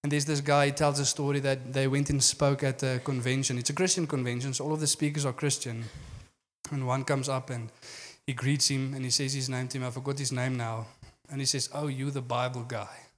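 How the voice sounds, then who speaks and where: A man's voice: mid-range voice, little pitch movement, brisk. Earnest male preacher in a reverberant hall. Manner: earnest, frequent "you know" fillers. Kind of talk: sermon.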